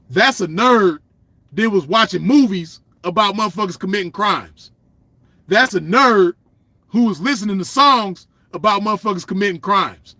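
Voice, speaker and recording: Forceful high-voiced man ranting. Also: expressive, normal speed, no echo. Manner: blunt, swaggering, profane, repeats "you know what I mean". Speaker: commentator. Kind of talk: ranting solo monologue.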